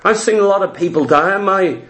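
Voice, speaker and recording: Male preacher, high-pitched, emphatic sermon delivery, repetitive rhythm. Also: brisk, fairly bright tone.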